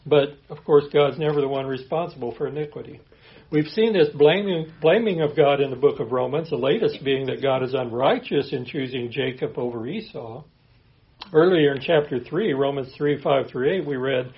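A man preaching a sermon, reading scripture aloud and explaining it in an earnest, steady manner. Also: mid-range voice, normal speed, lo-fi sound. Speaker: pastor.

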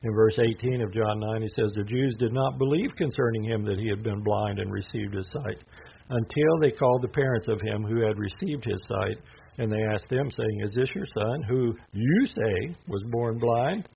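Male Bible teacher, low gravelly voice, conversational scripture reading, muffled lo-fi recording. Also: normal speed. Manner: conversational, reads scripture aloud with asides. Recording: dull lo-fi sound with faint noise.

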